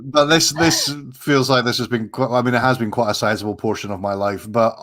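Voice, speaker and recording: An Irish man hosting a comedy show over a video call, excitable and self-mocking, swearing freely. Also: medium pitch, brisk. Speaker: comedy podcast host. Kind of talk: casual comedic chat.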